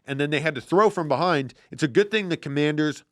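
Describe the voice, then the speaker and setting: A man hosting a casual football podcast, talking in an excitable, profane, animated way. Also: fairly high pitch, fast talker, dry recording, clean studio sound. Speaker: podcast host. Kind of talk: casual sports chat.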